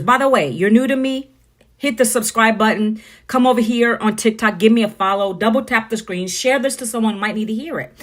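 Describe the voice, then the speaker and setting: A woman's voice: on the high side, a bit bright. A woman in her forties hosting a casual livestream from home, chatty and talking straight to her viewers. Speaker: livestream host.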